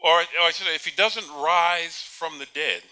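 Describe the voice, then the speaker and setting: A male preacher in mid-sermon with a high, piercingly bright voice. He keeps asking his listeners rhetorical questions and stumbles over repeated words. He often lets out a short chuckle at his own points. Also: moderate pace.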